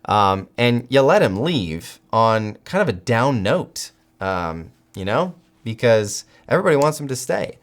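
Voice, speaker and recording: Animated American man, lively pitch. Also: measured pace, few pauses. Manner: animated, incredulous outbursts. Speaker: football channel host. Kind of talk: solo commentary to camera.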